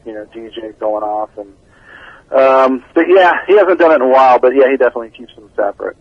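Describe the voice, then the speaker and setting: Laid-back man calling in over a lo-fi phone line, slightly husky. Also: medium pitch, expressive, fast talker, no echo. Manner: laid-back storyteller, laughs often. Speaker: band bassist, interview guest. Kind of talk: casual phone interview. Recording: dull lo-fi phone call.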